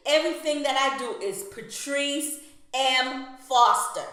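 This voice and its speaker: Female nurse telling a personal story, emphatic and animated, higher voice, heavy room echo. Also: slow pace. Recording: very echoey room.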